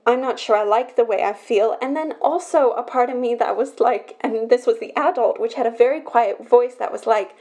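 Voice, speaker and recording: A young woman on her own podcast, talking through something personal in an emotional, halting way, full of restarts. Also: fairly high pitch, darkish tone. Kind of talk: personal confessional talk.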